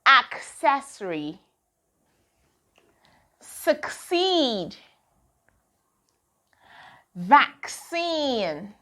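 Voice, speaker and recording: A woman's voice: a little high, bright, forceful tone. A woman teaching a pronunciation lesson to children. She drills words one at a time and asks and answers her own questions.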